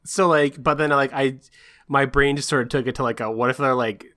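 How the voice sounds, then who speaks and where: A young man co-hosting a casual podcast, excitable, laughing often and slipping into silly voices. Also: medium pitch, brisk. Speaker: podcast co-host.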